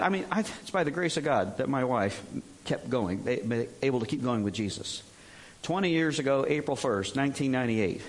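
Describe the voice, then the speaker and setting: A man preaching a sermon, telling stories in an animated way. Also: sits high. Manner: animated storytelling, acts out voices.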